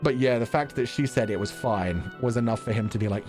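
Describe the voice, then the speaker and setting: A man's voice: mid-range voice, moderate pace, hardly any pauses. Male streamer, casual commentary, swears a lot, indignant, faint music behind. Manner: exasperated, profane, animated ranting.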